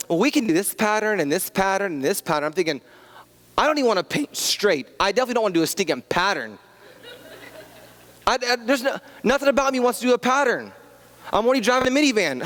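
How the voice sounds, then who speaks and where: Male pastor, 30s, higher voice, chatty and self-mocking, big hall reverb. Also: a bit bright. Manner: chatty and self-deprecating, many restarts and asides. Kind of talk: conversational sermon with personal stories. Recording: long reverb of a church hall.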